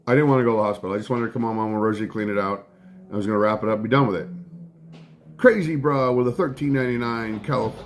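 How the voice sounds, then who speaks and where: Low-voiced man telling a rambling story. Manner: rambling, swears freely, breaks off to thank viewers. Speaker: livestream host. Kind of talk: casual storytelling live stream. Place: at home.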